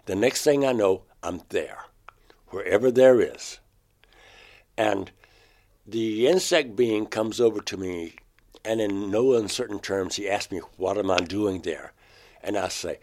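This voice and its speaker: Halting low-voiced man recalling an experience. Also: darkish tone. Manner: halting, restarts words, rises sharply when quoting himself. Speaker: interviewee, painter. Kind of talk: recounting a personal experience.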